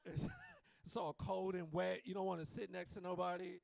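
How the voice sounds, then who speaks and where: A man's voice: sits high, little pitch movement, normal speed, gravelly, darkish tone, no room sound. A man performing a live stand-up set on a comedy club stage, swearing freely and teasing the crowd. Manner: profane, loose, teasing the crowd.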